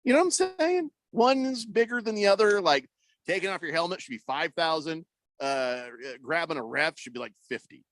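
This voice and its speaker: A man's voice: fairly high pitch, animated, fairly quick, fairly bright tone, no room sound. A man hosting a sports radio show, rambling and joking, acting out quotes in mock voices. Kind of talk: casual sports talk.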